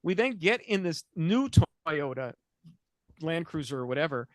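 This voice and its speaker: A man's voice: fairly high pitch, sing-song, moderate pace, no room sound, clean studio sound. Rambling man telling a story. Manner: rambling, self-interrupting, laughs through punchlines. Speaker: podcast host. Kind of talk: casual storytelling chat.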